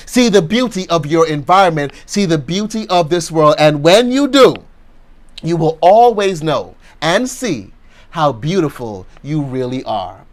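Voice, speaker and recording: High-voiced male pastor, conversational motivational sermon, leads call-and-response affirmations. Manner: conversational, chatty asides.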